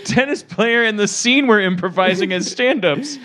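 A man hosting a podcast, goofing through an improvised comedy scene with self-mocking bursts of shouting. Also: sits high, expressive, normal speed. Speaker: podcast host.

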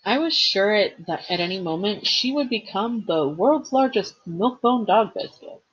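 Husky-voiced teacher reading a novel aloud. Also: female voice, mid-range voice, moderate pace, lo-fi sound. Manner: expressive storytelling, occasional slips and rereads.

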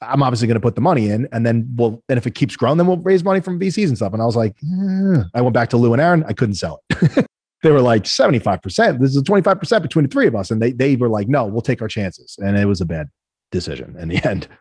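A man, a guest entrepreneur, telling business stories in a lively, conversational way and acting out the other people in them. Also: mid-range voice, fast talker, slightly rough, no echo. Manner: animated, acts out quoted voices. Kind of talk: conversational storytelling.

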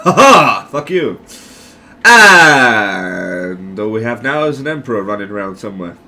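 A man giving casual gameplay commentary, excitable and jokey, swearing often. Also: lowish voice, unhurried, a little hiss or hum. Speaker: gamer.

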